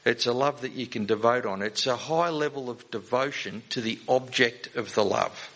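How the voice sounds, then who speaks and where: A man's voice: mid-range voice, moderate pace, a bit bright, low-quality recording. A man giving a sermon in a conversational way, often asking the congregation rhetorical questions. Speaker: preacher.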